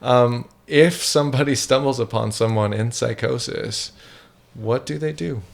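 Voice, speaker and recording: A man's voice: mid-range voice, measured pace, vocal fry. A man hosting a podcast conversation, asking questions and thinking aloud.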